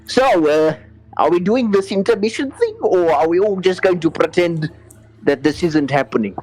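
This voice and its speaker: A man voicing a squeaky-voiced, suspicious young man in a tabletop game, pressing his point. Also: lively intonation, normal speed, over music, rough recording. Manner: pressing, persuasive.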